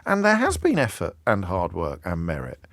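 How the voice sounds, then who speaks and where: A man's voice: low-pitched, huge pitch swings, normal speed, creaky, a bit bright, no room sound. A middle-aged English man hosting a radio phone-in, talking reflectively with frequent restarts and building into impassioned questions. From England. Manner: conversational, many restarts, rising to impassioned questions.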